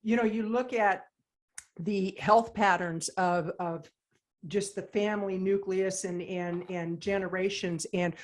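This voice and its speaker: A woman, a podcast guest talking in long, animated run-on sentences. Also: medium pitch, unhurried. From United States. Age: 60s. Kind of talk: casual chat.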